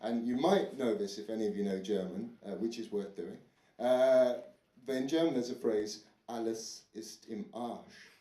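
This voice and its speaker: A man's voice: medium pitch, normal speed, dark tone. A young man doing a stand-up comedy set before a live audience, chatty and self-deprecating, dropping into mock foreign voices. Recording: echoey club with audience noise.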